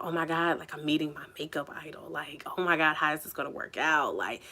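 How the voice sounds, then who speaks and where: Chatty low-pitched woman with a bright, forceful voice. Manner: chatty, many "like" and "you know" fillers; candid, swears casually. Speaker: vlogger telling a personal story. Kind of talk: casual storytime chat.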